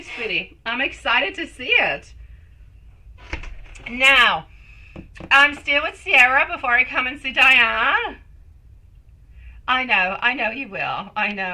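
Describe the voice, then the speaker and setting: In a rough recording, a woman with a high, sharp voice hosts a live-stream tarot reading. She's chatty, calling viewers sweetie and my love as she reads their comments aloud and answers them.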